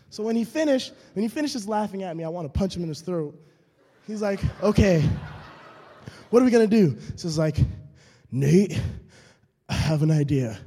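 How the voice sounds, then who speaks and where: High-voiced young man telling a comic story. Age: young adult. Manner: animated, repeats phrases for comic effect, chats with the audience. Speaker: student storyteller. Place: auditorium stage. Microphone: handheld microphone. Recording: long hall reverb.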